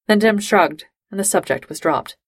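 A woman narrating a fan-fiction audiobook in a steady, even storytelling manner. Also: mid-range voice, normal speed, breathy edge, no room sound.

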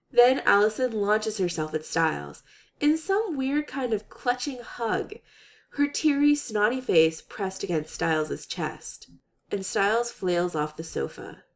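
A woman reading a comic story aloud with expressive, animated narration. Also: medium pitch, gravelly. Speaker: story reader. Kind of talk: reading fan fiction aloud.

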